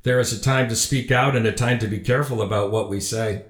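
A man's voice: lowish voice, fairly even intonation, fast talker, roomy sound, natural voice. A man voicing a stern, sardonic middle-aged neighbor in a storybook reading.

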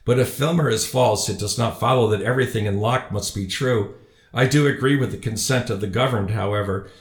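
A man's voice: lowish voice, reverberant, close to an everyday voice. A man voicing an earnest young woman. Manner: fervent, nervous, well-spoken. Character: earnest young woman, outspoken patriot sympathizer.

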